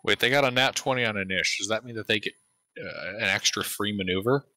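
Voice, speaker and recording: A man's voice: on the low side, brisk, bright, forceful tone, no echo. A man playing a tabletop game, making jokes in casual chat. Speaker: player.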